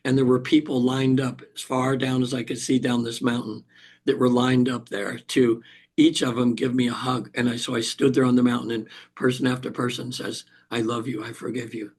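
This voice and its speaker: An older man, a hypnotherapist guest, tells a personal story in an interview, halting with frequent restarts and throat clearing. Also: medium pitch, little pitch movement, a little mellow.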